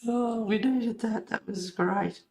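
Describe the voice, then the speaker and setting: A woman's voice: mid-range voice, slow pace, a little mellow, recorded from a distance, a little hiss or hum. A woman hosting a colouring livestream, chatting casually and answering viewers in the live chat. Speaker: livestream host of a colouring club. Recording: roomy echo.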